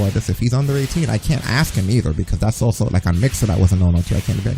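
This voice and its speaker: Fast-talking blunt New York man. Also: on the low side, soft background music, poor audio. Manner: blunt, profane and animated, slips into mocking voices. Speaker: streamer and co-host. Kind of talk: casual gaming commentary chat.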